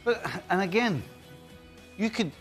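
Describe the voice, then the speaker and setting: A man's voice: sits high, animated, soft background music. A man with a Glasgow accent, talking football as a pundit in a blunt, emphatic way. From west coast of Scotland. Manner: blunt, emphatic, quick to protest. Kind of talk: casual podcast chat.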